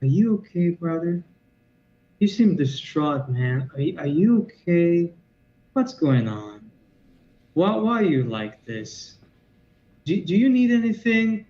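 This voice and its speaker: A man voicing a calm young woman cashier who gently asks after a stranger. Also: fairly high pitch. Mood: soothing. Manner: slow, soothing, concerned. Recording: echoey, dull lo-fi sound.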